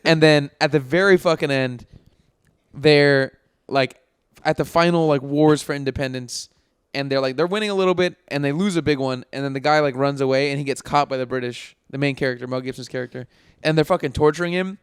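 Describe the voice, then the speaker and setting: A young man rattles off a story at high speed with loose, profane enthusiasm. His voice comes across smooth and clean. The sound is close and dry, with no room around it. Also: fairly even intonation, brisk, dry recording. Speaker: podcast co-host. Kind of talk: casual chat.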